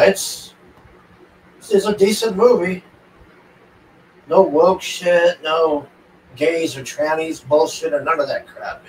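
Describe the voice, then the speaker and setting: A man casually recapping a movie plot for his viewers, rambling and swearing, with lots of "like" and "and all this". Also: fairly high pitch. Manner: rambling, profane, heavy filler words. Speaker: vlogger reviewing a movie. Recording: roomy, distant mic with faint ambient noise.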